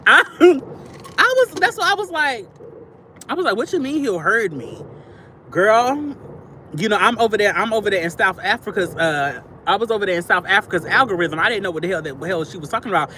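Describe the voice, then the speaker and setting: A woman's voice: medium pitch, animated, a little fast, sharp tone, slight background noise. A woman chatting casually to viewers on a livestream, gushing and chatty, calling them "y'all" and "sister.".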